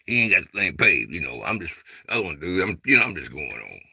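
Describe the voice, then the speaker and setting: His deep voice is creaky, sharp and slightly rough, very animated and quick as he hosts a casual chat with viewers. He rambles in informal dialect full of fillers, repeatedly saying "man" and "you know," in a dry recording.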